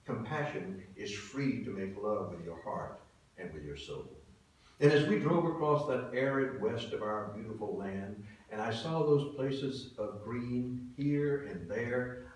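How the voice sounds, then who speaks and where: A man in his seventies, a pastor delivering a sermon, telling stories earnestly and swinging between soft and loud. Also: lowish voice, expressive, unhurried, distant mic. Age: 70s. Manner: earnest storytelling, swelling and dropping in volume. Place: church sanctuary. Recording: very echoey hall from afar, faint hiss.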